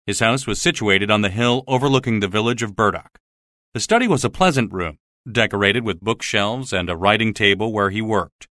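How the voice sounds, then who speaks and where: A man narrates a graded reader storybook with a lively, expressive delivery. His pitch moves a lot, and his tone is bright and crisp. The recording is dry and close, made in a studio. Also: dry recording. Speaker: audiobook narrator.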